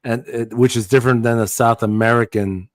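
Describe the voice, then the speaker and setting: A man's voice: mid-range voice, fairly even intonation, brisk, no room sound. A man speaks bluntly and profanely, his voice carrying a lyrical bounce. He rambles through casual podcast talk on a dry, close mic. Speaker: podcast co-host.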